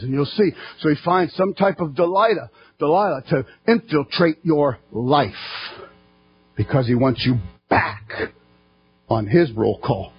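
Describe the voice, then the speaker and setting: A man preaching a fervent sermon in church, his voice rising to shouting at its peaks. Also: on the high side, highs cut off, slight background noise.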